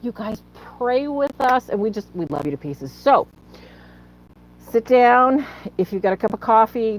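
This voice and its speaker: A woman's voice: mid-range voice, poor audio. A woman hosting a faith live stream, tearful and fighting back tears as she earnestly pleads with viewers and greets them by name. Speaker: livestream host.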